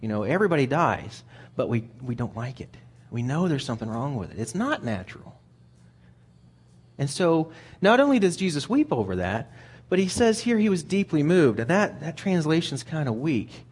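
A man's voice: on the high side, big pitch swings, normal speed, darkish tone, breathy edge. A man preaching a sermon in a conversational way, often repeating words as he thinks aloud.

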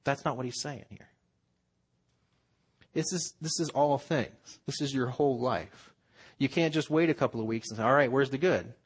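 A man's voice: medium pitch, normal speed, pauses often, a little mellow, breathy edge. A man preaching a sermon in an earnest, conversational way, acting out quotes as he goes. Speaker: pastor.

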